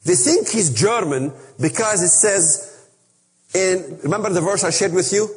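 Man, preaching a Bible lesson, emphatic rhetorical questions, high voice, echoing hall. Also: a little slow. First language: Arabic. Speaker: speaker on biblical prophecy. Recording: long reverb of a hall.

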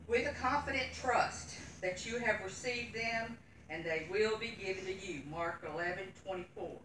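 A woman's voice: medium pitch, moderate pace, a bit bright, slight background noise. Folksy woman teaching Sunday school. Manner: earnest, folksy, nervous, reading scripture aloud. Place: church room. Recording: echoey room from far off.

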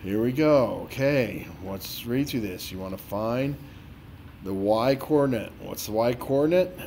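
A man with a middle-pitched voice plays an exasperated math teacher helping a student one to one. He scolds and needles the student with sarcasm as he explains each step. Faint room noise sits under the voice. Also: expressive, a little slow, warm tone. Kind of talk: dramatized tutoring walkthrough.

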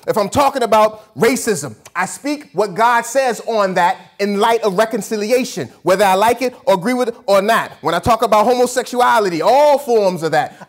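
An animated pastor delivers a sermon with a pitch that rises and falls freely. The delivery is emphatic and colloquial, driving points home by repeating phrases and posing questions before answering them. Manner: casual, colloquial preaching.

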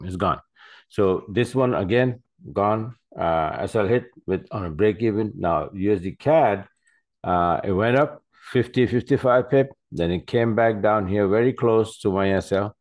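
A man talking casually over his screen while reviewing his trades, rambling with many fillers and correcting himself as he goes. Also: low-pitched. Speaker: forex trader. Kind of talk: casual screen-share trading commentary. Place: at a desk by his computers.

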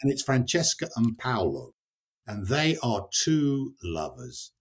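An older man, an author, talking with passion about poetry and reading verse aloud with slow, dramatic emphasis. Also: medium pitch. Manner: expressive, reads verse aloud slowly and dramatically. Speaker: author and guest. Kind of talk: passionate literary discussion.

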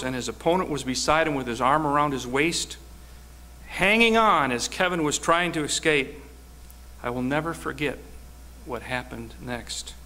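A man's voice: a little high, sharp tone. A man preaching a sermon, telling a personal story with earnest, rising emphasis.

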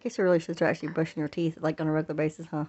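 A woman's voice: deep voice, little pitch movement, very fast, darkish tone, husky, highs cut off. A young woman filming a casual family vlog at home, talking playfully to her toddler in coaxing baby talk and laughing often. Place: home, on the floor indoors.

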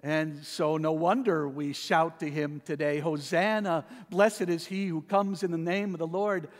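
Male pastor, unhurried sermon delivery with dramatic soft-to-loud swings, reverberant sanctuary. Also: on the high side, fairly even intonation. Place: church sanctuary.

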